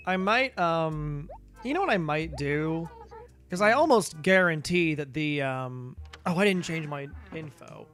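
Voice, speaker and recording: A woman's voice: lowish voice, expressive, a little slow, soft background music. A woman streamer casually commenting on her game at a desk microphone, muttering asides and swearing now and then.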